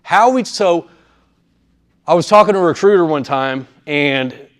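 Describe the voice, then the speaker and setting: Guy talking to a room of students, kinda high voice, keeps asking "right? okay?". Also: lively intonation, unhurried, a bit bright. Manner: conversational, often checks in with the audience. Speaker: workshop speaker. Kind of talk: live presentation to students. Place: in front of an audience in a room.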